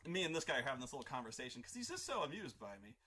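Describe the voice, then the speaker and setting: A man hosting an art livestream, casually telling a profane, animated tabletop game story in a stop-start way. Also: mid-range voice, very fast, breathy edge. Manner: animated, profane, full of restarts and acted-out voices. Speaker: artist livestream host.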